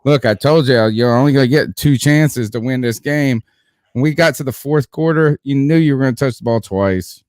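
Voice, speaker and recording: A man's voice: medium pitch, normal speed, darkish tone, dry recording, studio quality. A man hosting a sports podcast in a casual, joking, rambling way. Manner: joking, hyperbolic, rambling with fillers. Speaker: podcast host.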